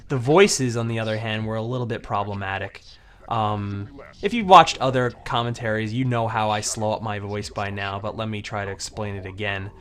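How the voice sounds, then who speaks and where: A man's voice: on the low side, fairly bright tone. A man giving casual commentary over his own old anime videos, rambling, with many fillers and restarts.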